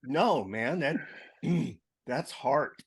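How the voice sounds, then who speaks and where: A man hosting a podcast, talking in a halting, emotional way and clearing his throat. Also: mid-range voice, animated. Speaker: podcast host. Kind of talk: casual podcast chat.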